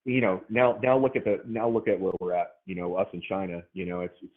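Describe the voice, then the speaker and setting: A man's voice: low voice, a little fast. A man calling into a casual debate, hesitant and restarting his sentences often. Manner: hesitant, restarts and repeats words. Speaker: caller in a debate. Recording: tinny phone line.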